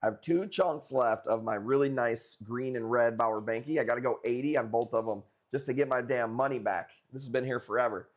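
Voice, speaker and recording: Young man, from the Chicago area, livestream coral seller, casual, profane, middle pitch. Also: brisk, hardly any pauses. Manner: loose and profane, chatting with viewers while auctioning.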